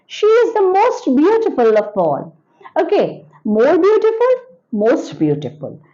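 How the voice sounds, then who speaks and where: A woman teacher talks children through an English grammar lesson. She repeats each example word slowly, with a high, lively voice that rises and falls a lot. The recording sounds dull and lo-fi.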